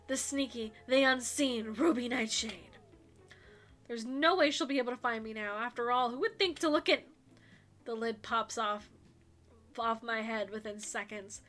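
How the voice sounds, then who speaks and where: A woman streamer reading a visual novel aloud on stream, with an animated, giggly manner and chatty asides to her audience. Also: a little high.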